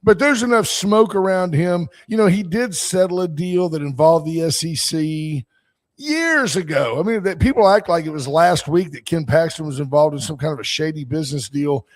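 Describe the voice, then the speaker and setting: A man's voice: on the high side, animated, moderate pace. Older man hosting a rambling call-in talk show. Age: 60s. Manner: rambling, opinionated, reads listener comments aloud. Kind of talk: casual political call-in talk.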